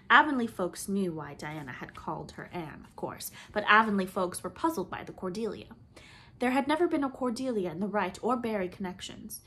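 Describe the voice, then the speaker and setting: A woman reads a classic novel aloud with an expressive, lilting delivery. Her voice sits on the low side, with a faint hiss underneath. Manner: expressive, lilting reading with swelling emphasis. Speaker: audiobook reader.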